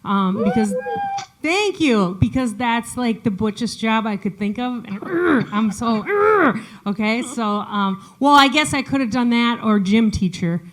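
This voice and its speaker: Woman comic telling stories, kinda high voice, chatty, lots of ums and restarts. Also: a little slow. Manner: chatty, self-deprecating, lots of fillers and restarts. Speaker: stand-up comedian. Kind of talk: stand-up set performed remotely. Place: studio, audience not audible.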